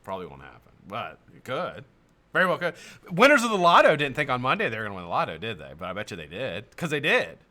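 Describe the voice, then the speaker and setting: Animated, bright-voiced American man host. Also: medium pitch, fast. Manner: animated, greets viewers by name, swears and laughs often. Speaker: live-stream host. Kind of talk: casual live-stream chat.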